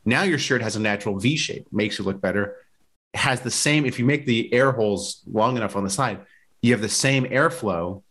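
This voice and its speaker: A man's voice: lowish voice, moderate pace, fairly bright tone. A man co-hosting a casual podcast chat, opinionated and fond of handing out tips. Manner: opinionated, gives tips, repeats himself. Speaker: podcast co-host.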